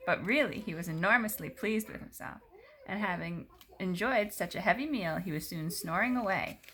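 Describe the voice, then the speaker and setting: A woman reading a children's storybook aloud, playful and animated, with a slight gravelly edge. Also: on the low side, normal speed, slight background noise. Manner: animated, playful voices for characters.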